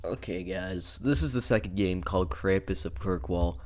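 A man's voice: low-pitched, normal speed, loud music behind the voice. Profane young man reacting to a horror game. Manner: rambling, profane, jokey reactions with sudden shouts. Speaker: gaming YouTuber. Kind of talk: casual let's-play commentary.

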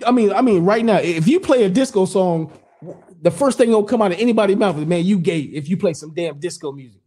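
Middle-aged man, slightly high but mellow voice, rambling, blunt podcast regular. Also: animated, fast. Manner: rambling, repeats "you know what I'm saying", blunt and profane. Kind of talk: casual podcast chat.

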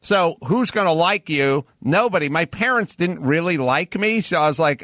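A podcast host tells rambling, profane stories in casual chat. His voice is fairly high and lively, at a normal speed, with a fairly bright tone and studio-quality sound free of room noise.

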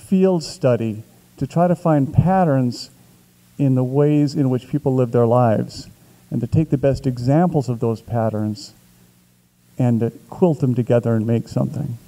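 A man with a deep-toned, very mellow and rounded voice at a middling pitch unwinds a long anecdote at a Q&A. He talks casually, restarting small phrases now and then. He builds his scenes with care, stretching some words and quickening others. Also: low-quality recording. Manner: vivid, building storyteller who shifts pace for effect. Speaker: author answering a question.

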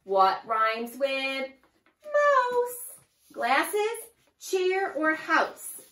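A woman teaching a preschool lesson to young children, with a slow, sing-song and exaggerated teacher delivery. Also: sits high, huge pitch swings, sharp tone. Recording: echoey room, far from mic.

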